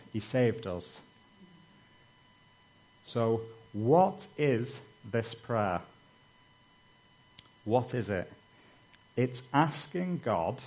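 Male preacher, mid-pitched, chatty sermon delivery with lively storytelling. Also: low-quality recording. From Britain. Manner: conversational, frequent "you know" asides; acts out quoted dialogue with raised voice.

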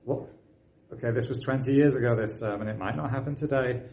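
A man preaching a sermon, telling a story and rising to loud, excited emphasis. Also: medium pitch, brisk, poor audio.

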